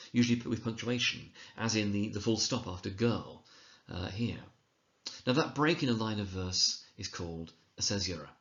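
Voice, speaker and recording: Measured man explaining verse. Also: lowish voice, fairly bright tone, echoey room, dull audio. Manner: explanatory, measured, with occasional slips and restarts; reads quoted lines slowly and dramatically. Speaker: teacher trainer. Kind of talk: recorded lecture narration.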